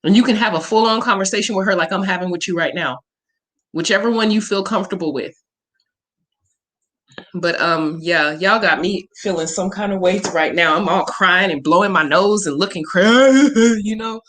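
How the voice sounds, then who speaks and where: A woman's voice: mid-range voice, moderate pace, fairly bright tone. A woman hosting a casual livestream Q&A as a spiritual reader, talking in a candid, emotional and profane way.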